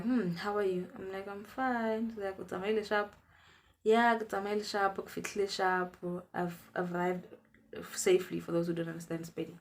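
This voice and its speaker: A young South African woman casually telling a personal story to her viewers, acting out the dialogue as she goes. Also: on the low side. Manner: chatty, animated retelling with quoted dialogue. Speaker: vlogger.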